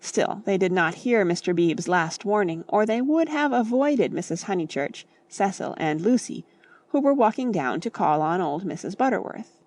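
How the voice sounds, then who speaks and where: On a dry recording, a woman of medium pitch gives a measured, expressive audiobook reading of a classic novel.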